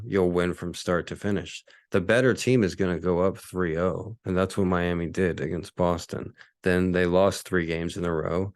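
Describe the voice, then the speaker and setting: A man's voice: low voice, no echo, studio quality. A man hosting a casual solo podcast from his apartment, rambling and swearing, with lots of fillers and restarts. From Hawaii. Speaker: podcast host.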